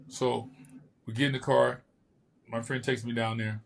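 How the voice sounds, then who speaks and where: Gravelly older man telling stories. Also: mid-range voice, moderate pace, pauses often. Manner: lively storyteller who acts out quotes. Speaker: podcast host and former bodybuilder. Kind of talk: casual storytelling.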